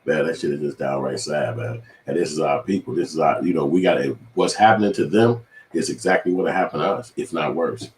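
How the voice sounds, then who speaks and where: Deep-voiced man ranting heatedly. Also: fairly quick, reverberant. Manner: profane, heated, impassioned. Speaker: commentator. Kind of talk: ranting news commentary.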